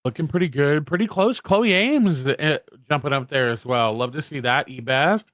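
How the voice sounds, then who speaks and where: A man's voice: on the high side, normal speed, fairly bright tone, no room sound. A man co-casting an esports watch party, rattling off standings and stats with casual asides. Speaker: co-caster.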